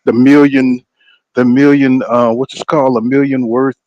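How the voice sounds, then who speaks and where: A man's voice: mid-range voice, little pitch movement, moderate pace, a little mellow, dry recording, highs cut off. A man hosting a live boxing reaction stream, talking loosely and profanely and greeting viewers by name. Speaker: boxing channel host. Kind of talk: casual live-stream commentary.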